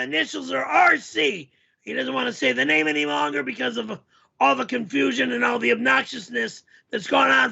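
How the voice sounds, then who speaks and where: A man putting on a loud, yelling middle-aged male character and telling a rambling story full of shouting and swearing. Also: very high-pitched, creaky, dull audio, full character voice. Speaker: show host.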